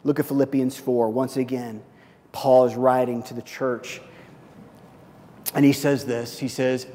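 A middle-aged male pastor preaching a sermon, swinging from loud, emphatic calls to hushed, quiet passages. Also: mid-range voice, level tone, a little slow, long reverb tail.

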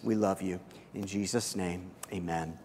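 A pastor preaching a sermon, telling a personal story with many restarts and shifts from loud to hushed. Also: male voice, sits low, fairly even intonation, unhurried, big-room sound.

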